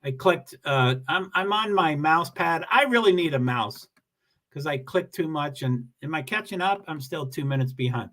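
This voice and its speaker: A man chats casually on his own livestream, rambling and self-deprecating as he greets viewers. His voice sits a little high and sounds bright and forward. He restarts sentences often as he talks. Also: expressive, moderate pace. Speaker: livestream host reading viewer comments.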